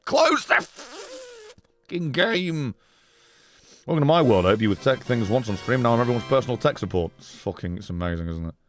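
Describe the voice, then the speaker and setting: A man's voice: medium pitch, expressive, fast talker, faint music behind. A man streaming a game live, ranting at his chat in a profane, exasperated way. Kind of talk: live gameplay stream commentary.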